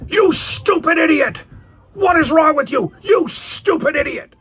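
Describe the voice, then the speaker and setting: A man putting on a flustered, over-the-top male TV host who blows up and shouts. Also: very high voice, expressive, a little slow, soft background music, pitched above the performer's own voice, exaggerated voice. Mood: furious.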